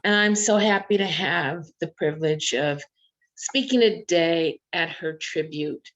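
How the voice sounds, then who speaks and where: A woman's voice: on the low side, measured pace, a bit bright. A woman giving a memorial tribute speech, telling fond anecdotes over a video call. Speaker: memorial speaker. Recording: muffled video call audio.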